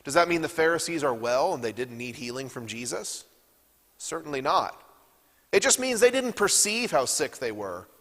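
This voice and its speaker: A man's voice: on the high side, big pitch swings, normal speed, fairly bright tone, in a large hall. Man teaching a Bible class. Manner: reads scripture aloud and asks the class questions. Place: church classroom.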